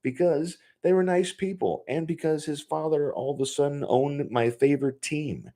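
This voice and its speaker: A man's voice: fairly high pitch, normal speed, warm tone. A man in his forties hosting a casual solo podcast from his home office, rambling and swearing freely, laughing often. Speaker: podcast host.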